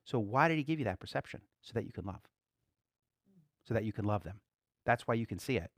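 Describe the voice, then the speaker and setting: Animated, conversational male preacher. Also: on the low side, fast, no room sound, clean studio sound. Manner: conversational preaching, rising to emphatic bursts; frequent rhetorical check-ins. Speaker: pastor. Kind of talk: sermon.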